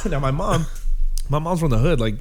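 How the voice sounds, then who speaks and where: A man's voice: fairly high pitch, sing-song, measured pace, background noise. A man, a podcast guest, telling a story in a casual way, swearing often and laughing as he goes. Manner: profane, laughing through the telling.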